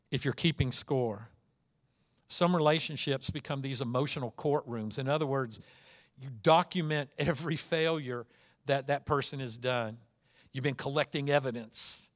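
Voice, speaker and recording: A pastor preaching a sermon in a conversational way, with restarts, and rising to emphasis at times. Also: male voice, medium pitch, fairly bright tone.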